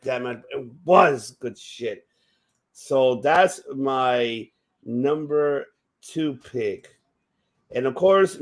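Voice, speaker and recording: A man hosting a casual chat show, talking excitably with lots of swearing and restarts. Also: mid-range voice. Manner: excitable, profane, rambling with many restarts. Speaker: podcast host. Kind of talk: casual chat about wrestling.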